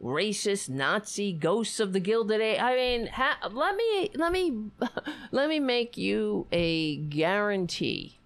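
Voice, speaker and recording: Indignant sarcastic woman ranting, slow delivery. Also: medium pitch, expressive. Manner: sarcastic, indignant, swears freely, laughs mid-sentence. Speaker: political commentary host. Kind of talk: casual political rant.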